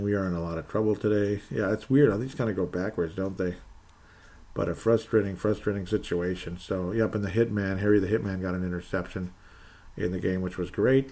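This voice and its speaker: A man's voice: fairly low pitch, dark tone. A man hosting a fan podcast, reading listener comments aloud in a casual, joking way and laughing often. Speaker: podcast host.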